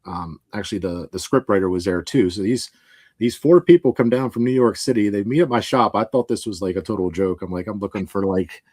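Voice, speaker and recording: A man from Pennsylvania rattles through a story at a quick clip, his voice sitting a little low. He rambles, laughs often and acts out what people said, heard close and dry. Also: a little mellow, no room sound. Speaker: moving company owner, guest. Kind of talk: casual storytelling in a podcast interview.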